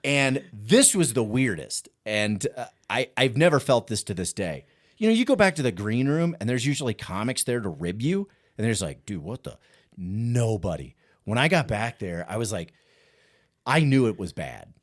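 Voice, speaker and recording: A male stand-up comedian telling a story as a podcast guest, animated and self-mocking, often laughing as he talks. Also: medium pitch, moderate pace. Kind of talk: casual storytelling chat.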